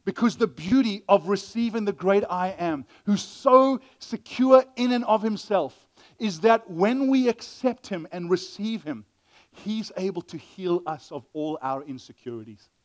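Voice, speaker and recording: A man preaching a sermon, telling a story, then teaching from scripture, swinging from loud exclamations to hushed, tender asides. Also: high-pitched, animated, measured pace. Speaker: pastor.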